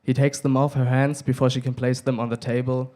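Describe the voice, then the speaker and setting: A man's voice: mid-range voice, flat delivery, brisk, a little mellow. Young man reading. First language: German. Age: young adult. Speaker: reader. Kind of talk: literary reading. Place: live reading event.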